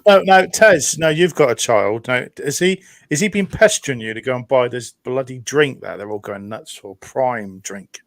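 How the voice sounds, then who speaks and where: A man's voice: medium pitch, normal speed, few pauses, no echo. A man co-hosting a casual live stream and reading out viewers' chat messages. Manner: chatty, reads out chat messages.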